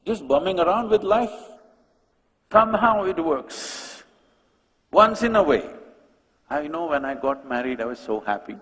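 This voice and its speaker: A man gives a talk at a conference, speaking straight to the audience and firing off rhetorical questions. His voice is a little husky, pitched slightly high and swoops up and down. It carries through a big hall with a long reverb. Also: a little slow, long pauses. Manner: animated, asks rhetorical questions, addresses the audience directly.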